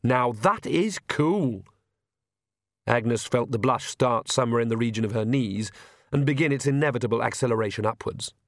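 A man reading a story aloud in even, wry narration. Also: mid-range voice, fast, no echo, studio quality. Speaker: audiobook narrator. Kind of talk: scripted narration.

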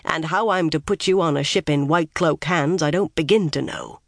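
A reader voicing a gruff, grim one-eyed male soldier who growls, talks bluntly and keeps biting back his curses. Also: medium pitch, moderate pace, no room sound, studio quality. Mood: grudging.

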